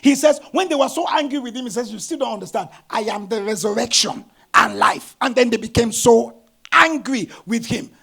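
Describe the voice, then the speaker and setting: High gravelly-voiced preaching man. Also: normal speed. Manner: animated storytelling, bursts of shouting. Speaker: pastor. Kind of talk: sermon.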